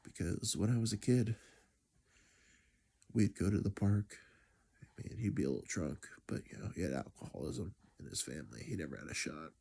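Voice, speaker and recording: A man's voice: sits low, very animated, moderate pace, gravelly, long pauses, warm tone, breathy edge. A grieving man telling a personal story in a reflective, rambling way, sighing and dropping to near-whispers. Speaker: vlogger.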